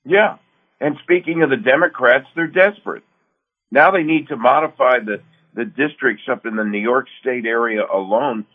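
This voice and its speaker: A man's voice: mid-range voice, normal speed. An older man from the Northeast US, a radio co-host telling a folksy personal story in casual chat. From Connecticut, US Northeast. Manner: folksy storyteller who acts out quoted dialogue. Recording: tinny phone-like radio line.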